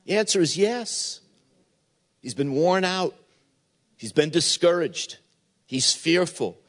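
A man's voice: fairly high pitch, animated, slow, a bit bright. A man preaching a sermon as pastor, retelling a Bible story and acting out the voices in it.

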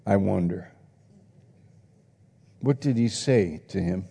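A man's voice: low voice, takes it slowly, vocal fry, warm tone, breathy edge. A male pastor preaching a sermon, earnest and reflective, reading scripture aloud in a church hall. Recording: long reverb in a hall.

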